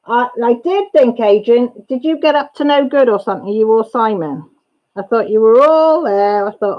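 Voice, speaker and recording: A woman's voice: on the high side, lively intonation, normal speed, muffled recording. A woman hosting a livestream, chatting casually and gossipily with viewers and laughing often. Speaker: livestream host. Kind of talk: casual chat with live viewers.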